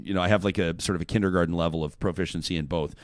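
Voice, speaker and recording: A man's voice: sits low, racing, no room sound, clean studio sound. A man hosting a talk show, chatting casually and reading out a listener's email. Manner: animated, reads quotes in a raised voice.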